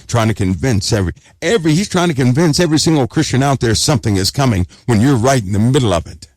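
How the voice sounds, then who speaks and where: A man's voice: medium pitch, expressive, fast, darkish tone, no echo, clean studio sound. A man preaching an urgent sermon, exhorting listeners and repeating phrases for emphasis.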